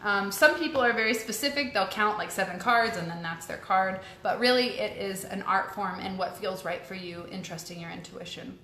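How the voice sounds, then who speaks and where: A woman's voice: medium pitch, normal speed, few pauses, bright, forceful tone, a little hiss or hum. A young adult woman hosting a casual live stream, chatting upbeat with viewers and reading out their questions, full of ums and likes. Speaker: host answering viewer questions. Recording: echoey room with faint ambience.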